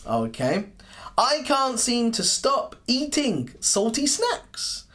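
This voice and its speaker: An English teacher leading a live online lesson, drawing out each example phrase at a slow, deliberate pace. The voice rises and falls widely, sounding encouraging as they welcome viewers by name and praise their answers. The pitch sits in a middle range. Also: wildly swooping pitch, fairly bright tone.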